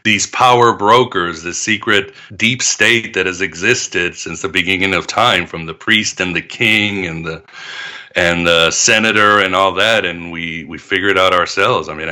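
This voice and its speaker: A deep-voiced man guesting on a podcast, his low tone paired with a very bright, sharp edge. He talks expansively, spinning stories and laughing often. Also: moderate pace. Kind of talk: conversational interview.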